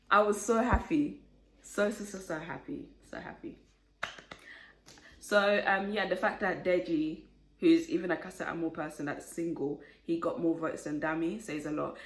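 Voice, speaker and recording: A woman, talking casually and opinionatedly to camera, getting animated and indignant as she rants. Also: medium pitch. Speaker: vlogger recapping a reality show. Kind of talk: casual chatty recap rant. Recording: echoey room.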